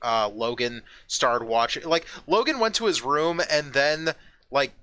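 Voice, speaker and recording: Bright-voiced rambling profane streamer man. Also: mid-range voice, clear, resonant tone. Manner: rambling, profane, quick to excited outbursts. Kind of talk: casual chat. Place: at home with a roommate nearby.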